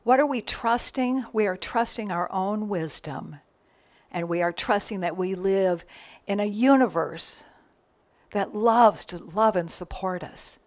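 A woman minister giving a sermon, telling stories lively with whispered asides. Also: mid-range voice, measured pace.

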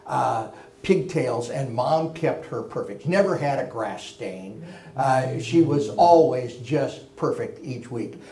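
A man telling a folksy personal story, with gentle chuckles and hushed tender moments. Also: medium pitch, animated, takes it slowly, roomy sound, slight background noise. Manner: folksy and warm, drops to a hush for tender moments. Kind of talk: personal anecdote told to listeners.

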